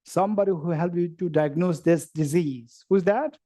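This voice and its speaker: Man, Buddhist teacher at a retreat, slightly high and mellow, playful storyteller. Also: normal speed. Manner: playful storyteller who acts out everyday dialogue; repeats points and checks understanding with the audience. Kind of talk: dharma teaching to a retreat group.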